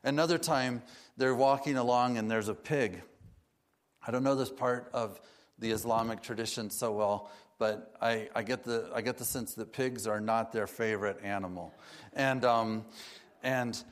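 A man delivers a sermon in an easy storytelling manner. His voice sits at an ordinary middle pitch. Now and then he slips into playful voices for the figures in his tales. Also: fairly even intonation, normal speed.

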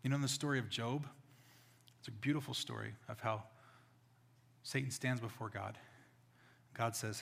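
A man preaching a sermon as pastor, telling stories with loud exclamations and quiet asides. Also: mid-range voice, steady tone, normal speed, vocal fry, pauses often. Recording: reverberant hall.

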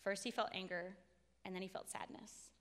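A woman's voice: medium pitch, fairly even intonation, normal speed, fairly bright tone, big-room sound. A woman in her twenties giving a sermon, telling a personal story in an earnest, confessional way. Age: 20s. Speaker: speaker at a faith talk.

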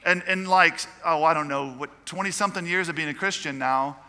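A man's voice: fairly high pitch, brisk, bright, forceful tone, big-room sound. A man preaching a chatty sermon, mixing teaching with joking asides to the congregation. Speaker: pastor. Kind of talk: conversational sermon.

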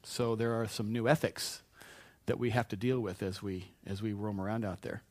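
A man's voice: on the low side, fairly even intonation, moderate pace, no echo. A man preaching a conversational sermon as pastor, folksy and anecdotal, often restarting his sentences.

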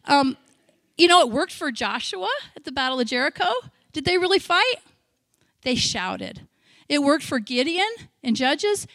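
A woman missionary giving a sermon, telling stories with feeling, breaking into shouted praise and chatty asides. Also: high-pitched, dry recording, studio quality. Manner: emotional storytelling, bursts into loud shouted praise; chatty, self-interrupting asides. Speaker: missionary speaker.

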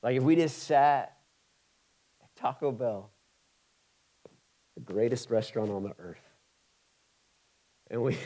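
A male pastor preaching a conversational sermon to a congregation, with quick asides and big swings from loud to quiet. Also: mid-range voice.

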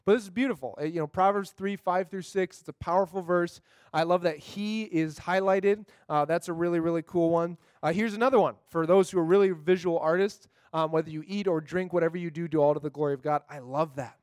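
A man's voice: sits high, fairly even intonation, brisk, a little mellow, no echo. A man giving a casual, upbeat talk on memorizing scripture, chatty, with many fillers and tag questions.

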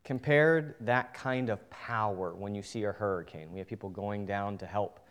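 A man's voice: fairly low pitch, moderate pace. Earnest male pastor preaching a sermon. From New England. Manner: earnest, swings between soft and emphatic; addresses the congregation directly.

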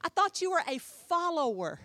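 A woman pastor preaching a sermon, emphatic, firing rhetorical questions and swinging from loud to hushed. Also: very high-pitched, big pitch swings, moderate pace, no room sound.

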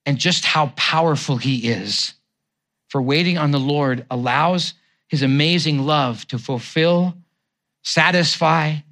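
Slow-spoken preaching man. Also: a little high, a bit bright. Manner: slow, measured delivery with deliberate pauses. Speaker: pastor. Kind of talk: sermon.

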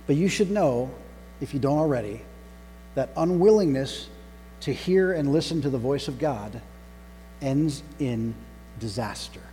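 Male pastor, mellow tone, deliberate emphatic sermon delivery, long room reverb, faint hum behind. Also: mid-range voice, expressive. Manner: deliberate, emphatic on single words.

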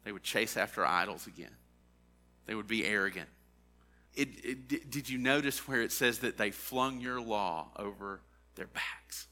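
A man preaching a sermon. He reads scripture aloud and then applies it earnestly, his voice swelling on key phrases and dropping low and quiet for emphasis. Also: moderate pace. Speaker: pastor.

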